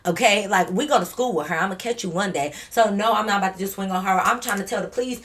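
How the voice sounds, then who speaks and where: A young woman tells a storytime on her vlog in loose, slangy talk with some swearing. She is animated, and her voice sits in a middle pitch. She keeps acting out the people in her story as she goes. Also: quick pace. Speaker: vlogger.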